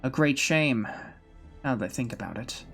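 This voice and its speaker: A man voicing a weary old male swordsman who awaits death, speaking in a slow, brooding, resigned way over faint music. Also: medium pitch, animated, vocal fry, a bit bright, breathy edge, heavily acted. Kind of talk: fan voice reading of a game story.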